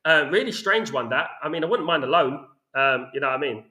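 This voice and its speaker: A man's voice: on the high side, animated, a little fast, sharp tone. A man hosting a casual football fan chat, reading out comments and ranting with lots of "you know what I mean". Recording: echoey room.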